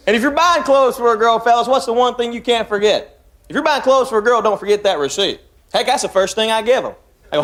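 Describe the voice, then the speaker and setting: A man's voice: very high-pitched, quick pace, noisy background. A man from Tennessee with a Southern accent doing stand-up, chatting with the crowd in a folksy drawl. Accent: Southern US, East Tennessee. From Tennessee, USA. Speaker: stand-up comedian. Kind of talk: stand-up routine. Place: comedy stage before a live audience.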